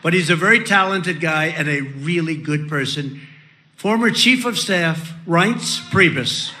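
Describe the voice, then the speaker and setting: A man giving a political rally speech, introducing candidates in a boastful, repetitive, ad-libbing way, shouting his punchlines. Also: on the high side, animated, measured pace, noisy background.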